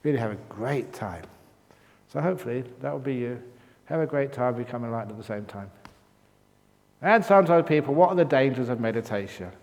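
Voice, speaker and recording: A man's voice: medium pitch, darkish tone. A man giving a dharma talk at a meditation retreat as its teacher, in a playful, joking manner. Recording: long reverb of a hall.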